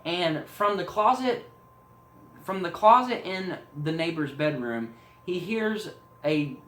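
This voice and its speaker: A man tells a horror story idea in a loose, rambling way, full of fillers and side remarks. His voice sits fairly high. The room around him rings with echo. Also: animated, slow pace, fairly bright tone. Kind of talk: casual spoken story retelling.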